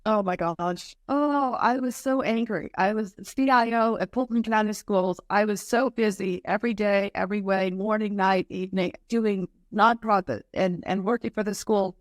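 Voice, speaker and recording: A woman's voice: medium pitch, normal speed, few pauses, no echo, clean studio sound. A middle-aged woman guest on a podcast, telling a candid personal story in an earnest way and acting out her own past reactions.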